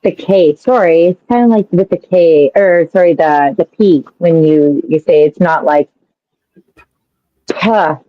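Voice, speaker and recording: A woman practicing words slowly and carefully alongside a teacher, chatting casually. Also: on the low side, dry recording, dull audio. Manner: very slow, careful repeating of words. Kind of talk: casual lesson chat.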